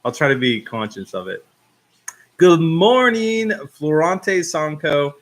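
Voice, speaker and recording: A man's voice: a little high, sing-song, a little slow, fairly bright tone. A man hosting a casual live stream, greeting viewers one by one and reading out their comments, with easy laughs and plenty of "uh"s. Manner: chatty, reads out viewer comments and greets them; laughs at himself, frequent fillers.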